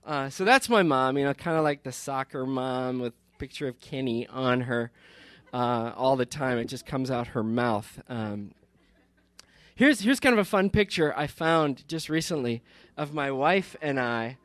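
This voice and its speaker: A man's voice: medium pitch, a little slow, fairly bright tone, dry recording. A pastor in his fifties talking from the pulpit in a rambling, good-humored way, often restarting his sentences and laughing. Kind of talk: casual talk from the pulpit.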